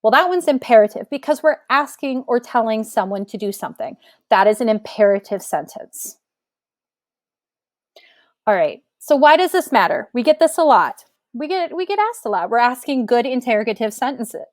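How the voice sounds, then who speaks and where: A woman teacher with a fairly high voice explains a grammar lesson clearly and patiently. Each point gets a spoken example. She is recorded close on a dry mic with no room sound. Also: sing-song, moderate pace, dry recording.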